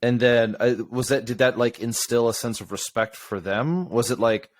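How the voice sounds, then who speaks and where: A man's voice: mid-range voice, moderate pace. A man hosting a podcast, asking loose, rambling questions that restart mid-sentence. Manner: rambling, self-interrupting questions. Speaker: podcast host. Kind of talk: casual conversation.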